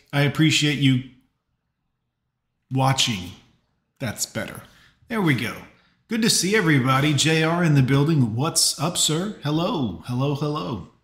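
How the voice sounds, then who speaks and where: Chatty man streaming in a roomy space. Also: medium pitch. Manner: chatty, banters with chat viewers, blunt advice. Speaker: live stream host. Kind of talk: casual live reaction stream. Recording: roomy echo.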